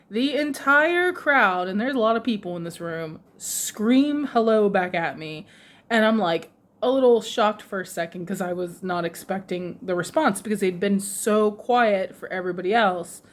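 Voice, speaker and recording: A woman telling a story on her vlog in a loose, chatty way. She laughs often and slips into little voices when she quotes the people around her. Her pitch sits at an ordinary middle height for a woman. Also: unhurried. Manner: animated, laughs often, mimics others' voices. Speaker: vlogger. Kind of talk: casual storytelling. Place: lives in Japan, runs a shop with her husband.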